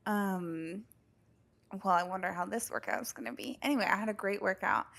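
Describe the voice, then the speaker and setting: A young woman co-hosting a podcast, chatting casually and telling animated stories, with casual swearing. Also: mid-range voice, moderate pace, vocal fry. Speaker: podcast co-host. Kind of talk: casual chat.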